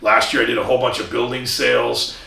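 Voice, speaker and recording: A commercial real estate broker from Southern California speaks earnestly as a guest in a casual interview, often restarting and acting out what other people said. His mid-range voice is gravelly, bright, and forceful, quick with little pitch movement, and sounds roomy and far from the mic with faint music behind.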